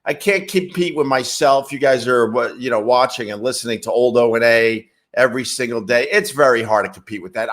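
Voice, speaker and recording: A man's voice: mid-range voice, fairly bright tone. A man hosting a casual livestream, reading chat messages and rambling wryly with casual swearing. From New York.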